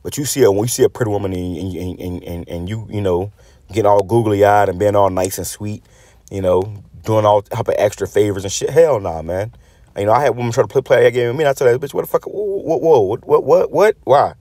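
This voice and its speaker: A man's voice: fairly low pitch, quick pace, warm tone, dry recording. A man preaching bluntly and profanely, reading scripture aloud and then commenting on it, often repeating words as he restarts. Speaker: religious channel host. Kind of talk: preaching rant.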